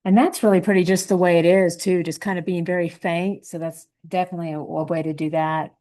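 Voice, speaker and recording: A woman giving a relaxed, encouraging step-by-step painting lesson, thinking aloud as she paints. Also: fairly low pitch, brisk, low-quality recording. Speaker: painting instructor.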